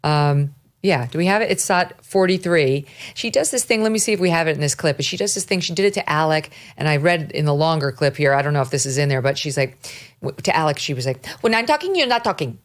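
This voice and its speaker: A woman hosting a talk show, chatting in a sarcastic, mocking way with quick asides. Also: low voice. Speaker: show host. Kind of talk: opinionated casual talk show chat.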